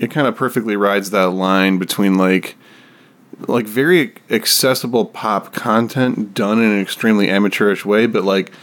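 Guest guy on a music podcast, low-ish voice, laid back, explains stuff. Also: moderate pace, a bit bright. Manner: explanatory, easygoing. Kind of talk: casual music discussion.

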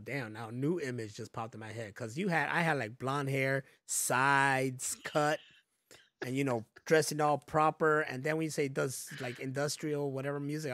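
A man's voice: medium pitch, a bit bright, dry recording. A man co-hosting a podcast, joking and laughing through loose, profane casual chat. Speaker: podcast co-host.

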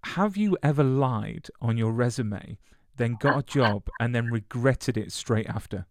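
Man, interview host, chatty, eager questions, mid-pitched, dry close sound. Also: measured pace, dry recording. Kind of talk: casual interview chat.

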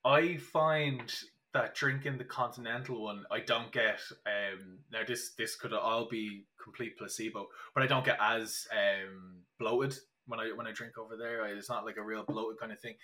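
Chatty Irish man, bright voice. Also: fairly low pitch, steady tone, normal speed. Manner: chatty storyteller, many restarts and fillers. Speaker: podcast guest. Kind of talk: casual podcast chat.

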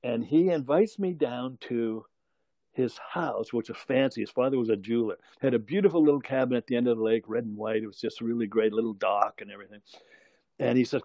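A man's voice: medium pitch, brisk, warm tone, no echo, dull audio. An older man telling a long story in casual conversation, rambling, chuckling and correcting himself as he goes.

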